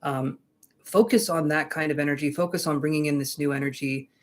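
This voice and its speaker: A man's voice: on the high side, steady tone, brisk. A man giving tarot readings on a live stream, chatting casually with viewers in a jokey, reassuring way. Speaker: tarot reader.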